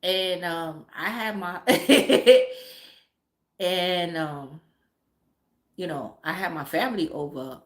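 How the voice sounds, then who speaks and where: A woman's voice: fairly low pitch, slow pace, long pauses. A woman in her forties, a mother, telling a family story in blunt, profane, filler-heavy casual talk. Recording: roomy echo.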